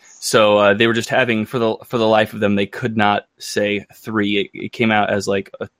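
A man's voice: on the low side, little pitch movement, a bit bright, no echo. An American man co-hosting a podcast in casual, rambling chat, often stopping to restart his sentences and joke. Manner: rambling, self-interrupting, quick to joke. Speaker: podcast co-host.

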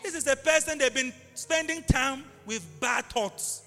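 A man preaching a live sermon in an impassioned way, repeating key phrases and bursting into shouts. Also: very high-pitched, measured pace. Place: large church hall. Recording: live hall reverb with faint music.

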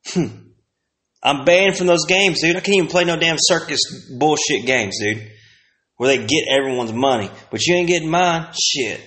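A man's voice: medium pitch, animated, normal speed, pauses often, fairly bright tone. A man ranting profanely in a rambling comedic monologue with street slang and sudden outbursts. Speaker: host.

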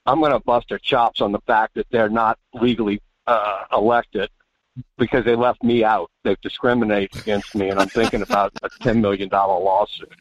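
A man's voice: lowish voice, steady tone, moderate pace, no echo. A male caller phoning into a radio show, chatty and aggrieved. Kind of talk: phone-in call. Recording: muffled phone line.

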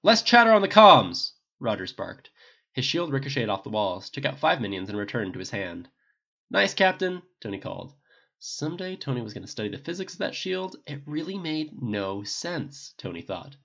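An audiobook reader narrates fan fiction with an expressive, lively pitch. The voice sits mid-range, and the recording sounds dull and lo-fi. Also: a little fast, gravelly, husky.

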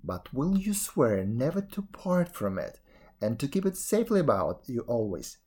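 A man's voice: mid-range voice, sing-song, normal speed, dark tone, husky. A man playing a solemn young husband. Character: earnest young husband, grave and worried. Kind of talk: storybook reading.

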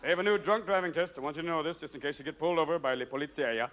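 A man doing a manic stand-up routine on a theater stage, switching voices rapidly. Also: on the high side, a little hiss or hum. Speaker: stand-up comedian. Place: theater stage before a live audience. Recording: live concert recording with loud crowd laughter. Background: audience laughing.

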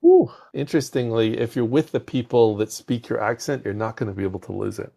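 A man, a podcast guest, telling animated anecdotes with a softened foreign accent, often repeating words as he starts sentences. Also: medium pitch, brisk, creaky. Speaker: podcast guest, game industry founder. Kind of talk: conversational storytelling.

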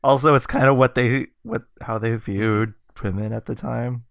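A man's voice: medium pitch, fairly even intonation, normal speed, gravelly, no room sound, clean studio sound. A man co-hosting a casual film podcast, chatty and full of trivia, laughing easily. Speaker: podcast co-host.

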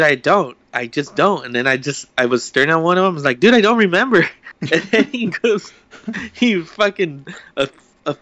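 A man's voice: a little high, a bit bright, no room sound. A young man co-hosting a podcast, telling a story in a rambling way, swearing freely and acting out the quotes. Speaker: podcast co-host. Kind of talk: casual chat, storytelling.

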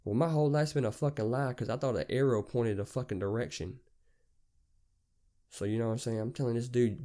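A man's voice: mid-range voice, brisk. Rambling, cussing male storyteller. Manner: rambling, profane, animated retelling. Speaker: podcast host. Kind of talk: casual storytelling.

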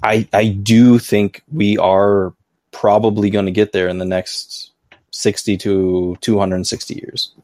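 A podcast co-host on a live show chats casually and thinks out loud, restarting eagerly out of enthusiasm for the topic. His fairly low, slightly mellow voice moves little in pitch and is unhurried, with studio-quality sound and no echo.

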